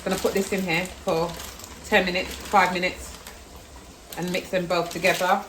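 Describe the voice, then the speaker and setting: A woman's voice: lowish voice, little pitch movement, moderate pace, a bit bright, a little hiss or hum. Chatty London woman cooking in a kitchen. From South London, England. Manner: chatty, self-deprecating, talks while cooking. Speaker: vlogger. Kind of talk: casual cooking vlog chat. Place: home kitchen. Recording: echoey kitchen, far from mic, sizzling. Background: frying and sizzling food.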